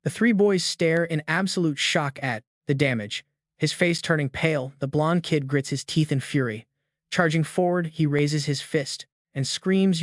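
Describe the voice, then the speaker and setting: A man giving a scripted story recap in an even, steady reading, voicing the dialogue quotes in the same plain tone. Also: a little high, moderate pace, no room sound, studio quality. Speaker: recap narrator.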